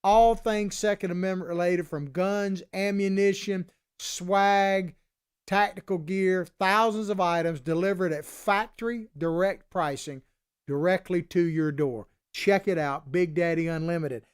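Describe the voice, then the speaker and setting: A man's voice: sits high, fairly even intonation, measured pace, clean tone. A man from Florida with an old Southern Florida cracker accent, hosting a live political talk show in a folksy, chatty way.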